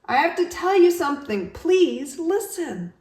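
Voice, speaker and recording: A woman's voice: on the high side, lively intonation, slow, voice pushed up. Woman doing a wailing, pleading walrus. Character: weary, fretful male walrus passenger. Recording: roomy, distant home recording.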